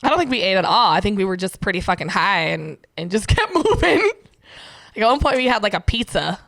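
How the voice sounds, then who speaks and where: A woman's voice: mid-range voice, very animated, brisk, gravelly, fairly bright tone, no echo. A young woman in casual chat, telling stories animatedly, swearing freely and laughing often. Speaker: friend in a podcast chat.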